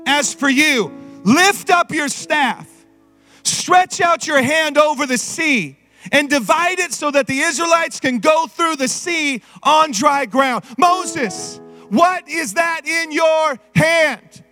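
High, bright-voiced preaching man. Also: slow pace, faint music behind. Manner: animated preaching, rising to shouts and sung phrases. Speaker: pastor. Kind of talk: sermon.

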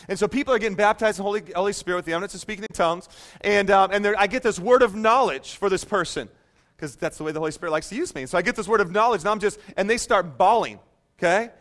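Man, sermon preacher, high-pitched voice, lively self-mocking storytelling.

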